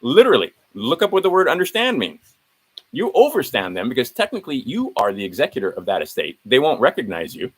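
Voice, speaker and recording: A man's voice: mid-range voice, wildly swooping pitch, a little fast, breathy edge, poor audio. A man walking viewers through his documents in a casual screen-share, rambling and correcting himself as he rattles off legal citations. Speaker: video host.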